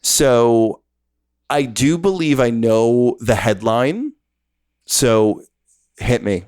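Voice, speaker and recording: A man's voice: mid-range voice, expressive, very slow, darkish tone, clean tone, no room sound, studio quality. A man co-hosting a podcast in casual chat, reacting eagerly to gossip. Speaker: podcast co-host.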